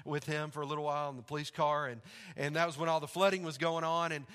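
A male pastor preaching a sermon in a church, telling stories in a relaxed, conversational way. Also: a little high, fast, clear, resonant tone. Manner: conversational storytelling, laughs along. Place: church sanctuary. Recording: reverberant church hall.

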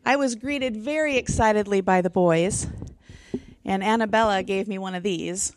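A middle-aged woman teaching a women's Bible study in a casual, expressive way, often restarting her sentences. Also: mid-range voice, normal speed, slight background noise. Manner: chatty and expressive, with frequent restarts. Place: room with a group of women.

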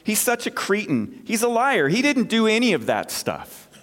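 A man's voice: high-pitched, wildly swooping pitch, moderate pace, fairly bright tone, pitched above the performer's own voice, exaggerated voice. Man doing a scoffing dog owner. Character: exasperated male dog owner. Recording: long church reverb.

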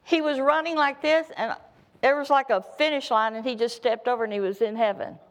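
A woman's voice: on the high side, steady tone, fairly quick. A middle-aged woman preaching a sermon, telling folksy, humorous personal stories.

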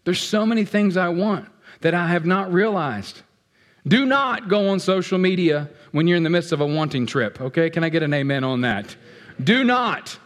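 A man preaching a sermon as pastor, animated and playful, swinging between loud outbursts and hushed asides. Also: high voice, moderate pace. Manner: playful, acts out what people feel.

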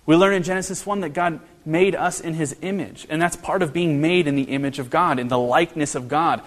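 A man preaching a sermon as a pastor, talking in a conversational way with many rhetorical questions and restarts. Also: fairly high pitch. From northern Kentucky. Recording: long reverb of a hall.

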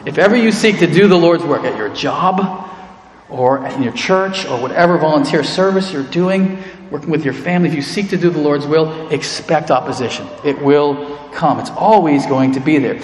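A man's voice: on the high side, moderate pace. A man preaching a sermon as pastor, earnest, speaking to the congregation as friends. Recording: echoey hall with long reverb.

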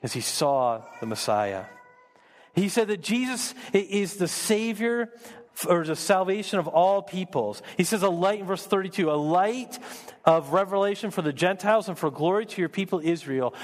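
Man, pastor, sermon, slightly high voice, earnest, repeats himself for emphasis, long hall reverb. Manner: earnest, repeats words when building emphasis.

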